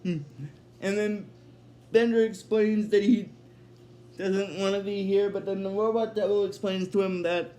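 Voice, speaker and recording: A man casually recapping a cartoon episode, halting often with fillers and restarts. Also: sits high, fairly even intonation, warm tone. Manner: halting, filler-heavy retelling.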